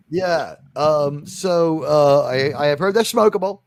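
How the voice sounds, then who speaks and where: A man's voice: on the high side, no room sound. A man hosting a casual streamed panel talk show, rambling and joking with frequent laughs. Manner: rambling, jokey, laughs often.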